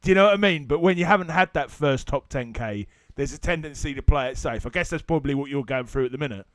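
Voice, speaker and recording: A man hosting a podcast interview, reflecting in relaxed conversation. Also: fairly high pitch, fast, dry recording. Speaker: podcast host. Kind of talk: casual interview chat.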